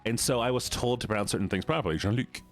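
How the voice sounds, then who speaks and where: A man's voice: mid-range voice, racing, faint music behind. A man with a Midwestern American accent chatting casually on a livestream, rambling, laughing often and reading chat aloud. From United States. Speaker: VTuber streamer.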